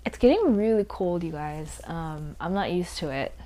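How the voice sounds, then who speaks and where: A young woman hosting a casual podcast, congested, rambling and correcting herself, often dropping to quiet asides. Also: on the low side, lively intonation, normal speed. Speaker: podcast host. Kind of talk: casual chat recap.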